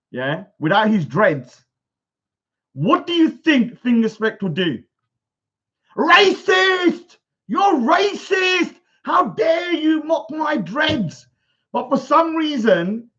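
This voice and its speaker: Animated man ranting in a lo-fi vlog. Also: high-pitched, husky. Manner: mocking, heated, swears often. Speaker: vlogger. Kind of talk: ranting casual monologue. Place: bungalow room. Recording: dull lo-fi recording.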